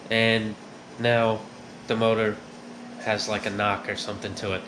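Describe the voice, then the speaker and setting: A man's voice: lowish voice, little pitch movement, measured pace, background noise. A man hosting a garage vlog, with a stuffed-up nose, telling a story in a chatty way and acting out his own reactions. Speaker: garage host. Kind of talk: casual workshop vlog.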